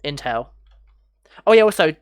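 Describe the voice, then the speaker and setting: A man's voice: a little high, sing-song, normal speed, clean tone, dry recording. A man streaming a train simulator, chatting casually and answering his chat with frequent laughs. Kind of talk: casual livestream commentary.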